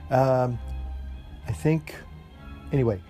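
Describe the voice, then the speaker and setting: A man's voice: mid-range voice, slow pace, warm tone. A man chatting casually to camera outdoors in the evening, smoking a pipe and rambling with many fillers and restarts. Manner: folksy, says "y'all". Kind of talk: relaxed casual chat to camera. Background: classical music playing faintly.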